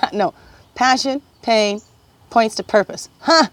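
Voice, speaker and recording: A woman giving a casual spiritual card reading, musing gently and often checking in with "right?". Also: mid-range voice, unhurried.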